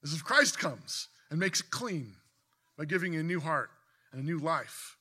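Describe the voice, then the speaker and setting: A man's voice: a little high, lively intonation, moderate pace, bright, forceful tone, husky. A man preaching a sermon in an earnest voice, building to emphatic bursts, often restarting his sentences.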